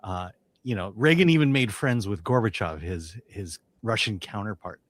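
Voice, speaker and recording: A man on a film-talk panel speaking in a reflective, expressive way. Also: lowish voice, moderate pace, dry recording. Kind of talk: casual panel chat.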